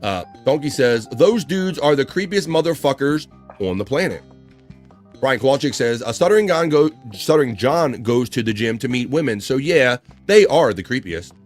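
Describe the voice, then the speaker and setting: A man's voice: medium pitch, animated, moderate pace, soft background music. A man hosting a live online show in casual talk, joking as he reads out chat messages and horoscopes. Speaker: host.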